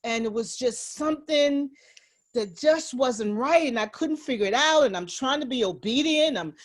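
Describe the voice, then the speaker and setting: Woman co-host with a higher voice; thoughtful, measured, reflective chat. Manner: thoughtful, measured, with steady listening murmurs. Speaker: podcast co-host.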